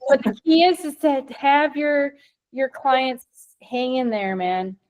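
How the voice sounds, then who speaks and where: A company co-founder from Minnesota presents an informal webinar to vets over a video call, speaking with a Midwestern American accent. Her high-sitting voice is slow, a little mellow and lively in intonation as she rambles upbeat with frequent ums and restarts.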